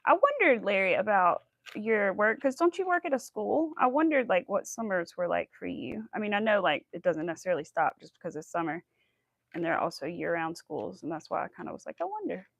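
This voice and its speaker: A woman's voice: mid-range voice, expressive, brisk, vocal fry, a bit bright, no room sound, rough recording. Chatty woman crafting on a livestream. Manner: chatty, bubbly, rambling with many likes and ums. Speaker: crochet livestream host. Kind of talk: casual chat while crocheting.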